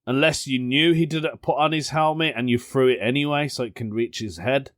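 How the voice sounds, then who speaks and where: A man's voice: medium pitch, a little fast, dry recording. Chatty man, dry close sound. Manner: chatty storyteller, laughs often, British slang like "innit". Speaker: podcast host. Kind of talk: casual solo podcast chat.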